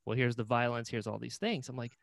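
A man's voice: medium pitch, steady tone, fairly quick, creaky, no room sound. A man hosting a podcast, chatting casually and answering with short backchannels. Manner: conversational, lots of short backchannels. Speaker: podcast host. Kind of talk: casual interview chat.

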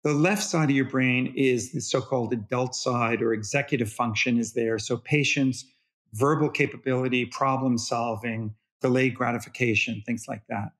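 A man as a parenting expert guest in an interview, explaining in an animated, demonstrative way and acting out how parents talk to toddlers. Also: medium pitch, moderate pace.

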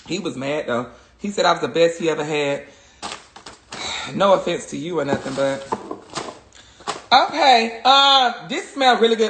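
A woman's voice: lowish voice, animated, a little slow, pauses often, fairly bright tone, reverberant, slight background noise. A woman chatting crudely and laughing a lot on a phone livestream. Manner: crude, joking, laughs often. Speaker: social media personality. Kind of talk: casual livestream chat.

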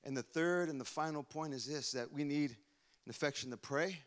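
A male pastor preaching a fervent sermon in a church, declaring and chanting lines to the congregation and often shouting. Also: on the high side, normal speed. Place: church sanctuary.

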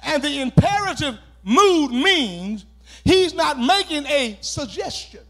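Man, pastor, sermon, animated pitch, repeats and shouts phrases. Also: takes it slowly, soft background music. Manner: call-and-response preaching, shouting key words and repeating phrases.

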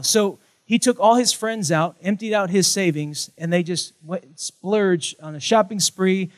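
A man's voice: sits high, measured pace, few pauses. A male pastor, preaching a sermon with emphatic, punchy repetition and light jokes.

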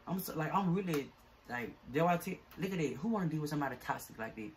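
A man's voice: a little high, animated, fast talker, heavy background noise. A man vlogging to camera, venting in an irritated, fed-up, rambling rant full of slang.

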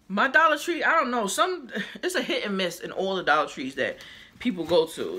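Bright chatty woman vlogger. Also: medium pitch, big pitch swings, moderate pace. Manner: chatty and exclamatory, addresses viewers directly; chewing while talking at times. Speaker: haul vlogger. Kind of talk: casual haul vlog chat.

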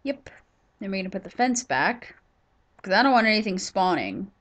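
A tired woman talks her way through a game session in casual, rambling commentary. She chats to herself, muses aloud and stops to yawn. Her pitch sits in a middle range for a woman. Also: big pitch swings, moderate pace, a bit bright. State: tired, yawning. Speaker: gaming YouTuber.

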